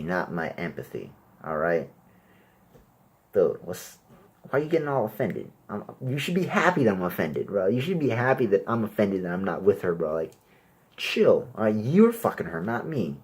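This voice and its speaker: A young man performing a crude stand-up comedy set, brash, and loudly acting out little exchanges. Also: fairly low pitch, sing-song, normal speed, breathy edge. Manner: crude, brash, acts out exchanges in raised voices.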